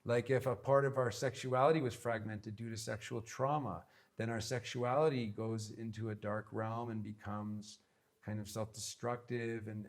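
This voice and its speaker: A man giving an instructional talk on spiritual practice, earnest and emphatic, with many repeated phrases. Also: lowish voice. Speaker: spiritual teacher.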